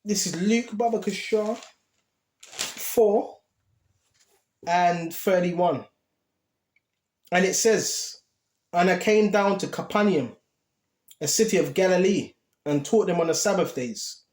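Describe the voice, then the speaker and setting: A man's voice: sits high, slow pace, pauses often, darkish tone. A man giving an informal Bible teaching in a conversational way, reading scripture aloud and often checking in with the listener. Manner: conversational, reads scripture aloud, often asks "right?" and "okay?". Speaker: preacher. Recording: roomy echo.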